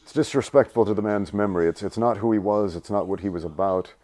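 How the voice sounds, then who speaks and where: A man's voice: on the low side, fast, darkish tone. A man with a hybrid British and American accent, talking earnestly as a podcast guest. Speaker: guest, martial artist. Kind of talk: podcast discussion.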